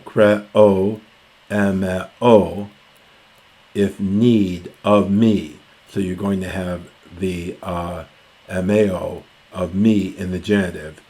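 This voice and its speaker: Slow, low-voiced male Greek lecturer. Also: dark tone. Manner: unhurried, reads Greek text slowly and explains with filler pauses. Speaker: classics lecturer. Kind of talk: slow scholarly lecture on ancient Greek grammar.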